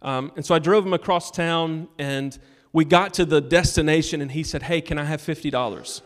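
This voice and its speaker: A male pastor giving a sermon, telling a personal story and urging the congregation, moving between loud appeals and hushed moments. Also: fairly high pitch, moderate pace. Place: church sanctuary.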